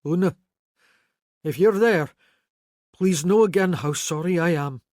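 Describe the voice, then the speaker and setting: Narrator doing a remorseful older Highland man, earnest, pleading, middle pitch, dry close sound. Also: a little slow, a little mellow, dry recording, natural voice. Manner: earnest, pleading, guilt-ridden. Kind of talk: audiobook character voice.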